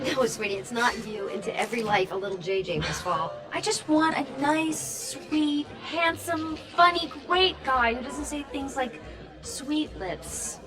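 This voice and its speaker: A woman's voice: sits high, lively intonation, unhurried. An actress playing a polite, hopeful young woman in a bar, in a TV clip. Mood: wistful. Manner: polite, sweet. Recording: TV clip with bar crowd and music.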